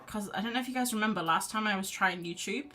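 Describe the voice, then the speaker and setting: A woman's voice: mid-range voice, fast, slight background noise. A woman chatting casually on a live stream as she paints at home, reading out chat messages and cheering herself on. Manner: chatty, reads out chat, rambling and self-encouraging. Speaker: art streamer. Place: home, on a sofa wrapped in a blanket. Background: quiet background music.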